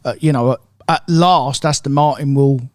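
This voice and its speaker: A man's voice: medium pitch, moderate pace, a little mellow, no room sound. A man co-hosting a car podcast, blunt and matter-of-fact, often calling his friend mate. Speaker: podcast co-host. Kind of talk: casual chat.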